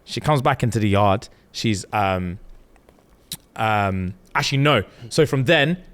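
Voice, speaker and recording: A man's voice: on the low side, lively intonation, measured pace, a bit bright, clear, resonant tone. A man, casually retelling a novel's plot on a podcast, acting out the characters' lines in slang. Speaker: podcast co-host.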